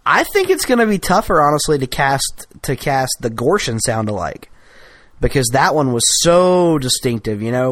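A man's voice: medium pitch, very animated, normal speed, fairly bright tone, no room sound. Man, podcast co-host, casual chat, enthusiastic, rambling, dry recording.

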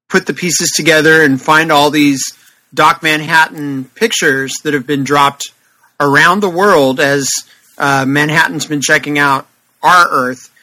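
Man, slightly high voice, bright tone, casual comics podcast co-host, wry. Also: poor audio. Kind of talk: casual chat about comics.

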